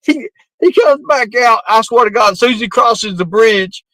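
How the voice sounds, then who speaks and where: Man, high voice, dry close sound; chatty, rambling storyteller who laughs through his tale and swears casually. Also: lively intonation, normal speed, bright, forceful tone, dry recording, rough recording.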